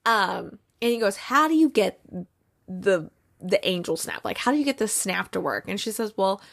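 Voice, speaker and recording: A podcast host who reviews movies casually recaps a holiday film's plot, acting out the lines and using fillers like "like." She's tearful and near crying. Her mid-range voice has vocal fry, and she speaks at a moderate pace.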